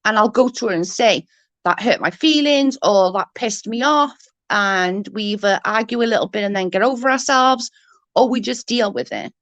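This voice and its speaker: A young woman vents in an angry, profane rant, tripping over her words as she restarts sentences. Her voice sits a little high. The sound is dry and close, with no room around it. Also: dry recording. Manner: angry, swearing, ranting with restarts. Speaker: livestream guest. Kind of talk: heated casual chat.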